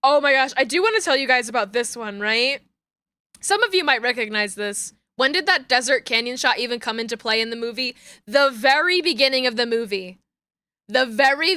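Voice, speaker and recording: A woman streamer talks to her chat in an animated, giggly way, drawing her stories out at an unhurried pace. Her voice sits high and sounds bright and crisp. The sound is dry, picked up close on a desk mic. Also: no room sound.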